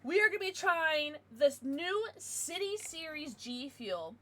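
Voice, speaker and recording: A woman's voice: high voice, sing-song, a little slow, a bit bright. A young American woman chatting casually on a livestream, giggly and bubbly as she greets viewers and reads out chat.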